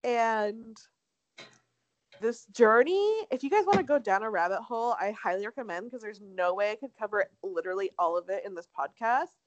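A woman's voice: medium pitch, lively intonation, normal speed, dry recording, dull audio. A young woman co-hosting a podcast, gossiping casually in slangy, laughing chat. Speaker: podcast co-host.

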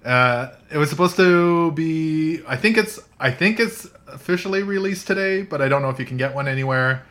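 A man's voice: fairly high pitch, moderate pace, fairly bright tone. Guy hosting a tech chat from a coffee shop, laughs a lot, chatty. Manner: chatty, laughs often, restarts sentences. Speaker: podcast host. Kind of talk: casual chat.

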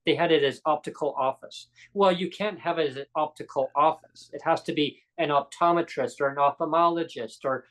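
A man's voice: on the high side, fairly quick, few pauses, a bit bright, poor audio. A man hosting a live-streamed podcast, telling a long story casually and acting out the dialogue he quotes. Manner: rambling, acts out quoted dialogue. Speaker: podcast host.

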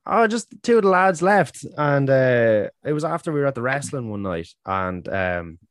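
A man's voice: medium pitch, very animated, moderate pace, dry recording, studio quality. A man hosting a casual chat with an old friend, laughing often and swearing freely. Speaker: podcast host.

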